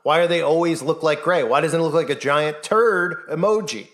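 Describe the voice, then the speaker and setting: On his own channel, a male Christian YouTuber gives an impassioned, insistent monologue to camera, peppered with rhetorical questions and acted-out voices of the people he quotes. He speaks at a moderate pace in a fairly bright, higher-pitched voice that carries real urgency.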